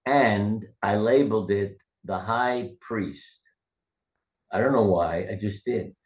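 A retired surgeon, an older man with a fairly low voice, is the guest in a casual interview and tells loose, rambling stories, acting out the quotes. He talks at a slow pace with a slightly mellow tone, and his voice rings in a roomy echo.

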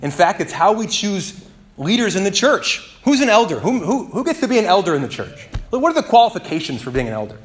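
Guy pastor preaching, kinda high voice, super lively ups and downs, chatty and joking, asks the crowd for amens. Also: a little fast. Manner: animated and conversational, with playful asides; asks the congregation for responses. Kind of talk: sermon.

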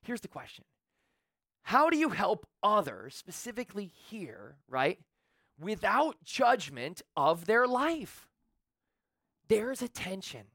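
Bright-voiced pastor preaching conversationally. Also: male voice, high-pitched, big pitch swings, slow pace, dry recording, studio quality. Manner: conversational preaching with rhetorical questions. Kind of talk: sermon. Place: church.

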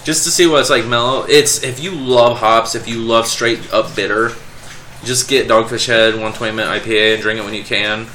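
Bright-voiced young man chatting casually. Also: medium pitch, moderate pace, a little hiss or hum, low-quality recording. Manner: animated, laughs often, hedges and restarts. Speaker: podcast co-host. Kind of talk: casual chat.

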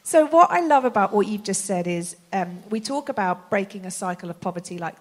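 A woman's voice: mid-range voice, animated, brisk. A woman hosting a panel conversation who asks enthusiastic, thoughtful questions. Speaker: panel host.

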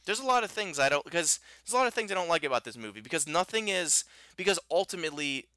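A man's voice: on the high side, expressive, fast, bright, forceful tone, no room sound. A man co-hosting a podcast, chatting casually and animatedly about a film, rambling with many restarts. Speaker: podcast co-host. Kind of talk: casual film review chat.

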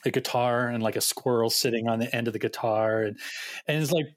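A man who serves as a youth ministry director, telling funny camp stories in a relaxed conversational way and acting out the dialogue. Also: mid-range voice, a little fast, no room sound. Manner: animated anecdote-telling with quoted dialogue. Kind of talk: casual storytelling.

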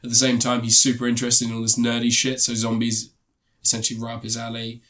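A man's voice: mid-range voice, completely flat delivery, fast talker, a bit bright. A man casually reviewing a TV series in a podcast chat, rambling with many ums and restarts.

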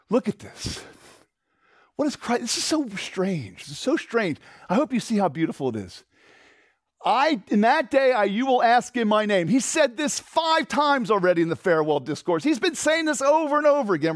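A man pastor delivers a sermon with a high, very animated voice that leaps up and sinks low. His delivery is emphatic, with sudden quiet asides to the congregation. The sound is dry and close. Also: no echo. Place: church.

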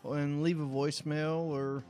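A man's voice: on the high side, level tone, a little slow, a little mellow, faint music behind. A man co-hosting a casual comedy podcast, joking along and reading out the show's contacts. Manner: easygoing, plugs the show's contacts. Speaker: podcast co-host.

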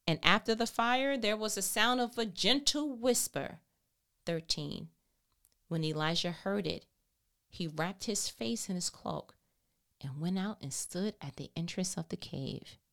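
A woman podcast host reading Bible verses aloud and calling out verse numbers, then breaking into animated, playful commentary with casual slang. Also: medium pitch, unhurried, vocal fry.

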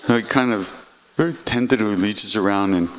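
An older man telling a personal story in an animated way, acting out voices and swearing freely. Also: fairly low pitch, fast. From United States. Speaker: podcast host.

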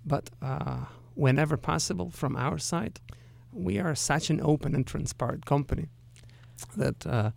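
A man's voice: a little high, measured pace, vocal fry, a little mellow, no room sound. A man answering radio interview questions as a company executive, careful and hesitant, with frequent restarts.

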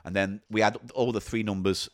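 A man's voice: fairly low pitch, fairly even intonation, brisk. A man co-hosting a comedy podcast, explaining a board game in a rambling, joking way and stumbling over made-up names. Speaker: podcast co-host. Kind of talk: casual comedic chat.

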